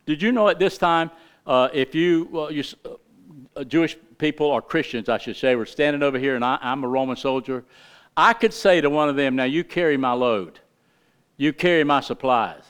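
A man's voice: fairly high pitch, fairly bright tone, clean tone. A middle-aged man preaching a sermon in a folksy, emphatic way, full of rhetorical questions. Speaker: pastor.

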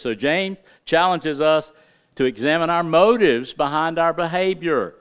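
A man's voice: on the high side, unhurried, a bit bright, clear, resonant tone. Folksy emphatic male preacher. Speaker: pastor. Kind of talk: sermon.

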